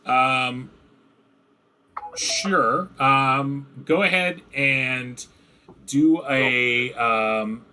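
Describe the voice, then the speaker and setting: A man runs a tabletop game as game master, with a bright, forward tone. He narrates loosely, filling the gaps with likes and ums. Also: medium pitch, drawn-out words, clean tone.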